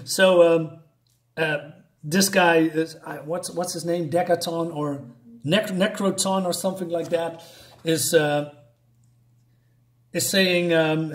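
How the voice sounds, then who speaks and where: Man, somewhat high-pitched, casual comic review, halting, lots of ums, occasional chuckle. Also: steady tone. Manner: halting, rambling, many fillers.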